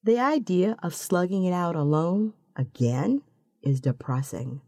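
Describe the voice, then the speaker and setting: A woman narrating a second-person story in a slow, calm and intimate manner. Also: fairly low pitch, no echo, studio quality.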